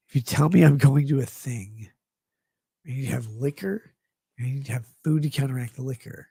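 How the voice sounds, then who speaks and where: Gravelly, husky-voiced male streamer. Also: mid-range voice, fairly quick, mellow, dry recording. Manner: profane, rambling, jokey; reads chat messages aloud. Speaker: livestream host reading chat. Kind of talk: casual rambling stream chat.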